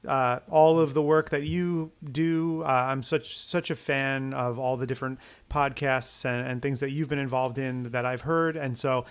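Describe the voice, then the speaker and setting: A man's voice: medium pitch, steady tone, normal speed, few pauses, smooth. A man hosting a movie podcast, upbeat and chatty, making plugs and thanking his guest with frequent fillers. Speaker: podcast host. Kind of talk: casual podcast outro.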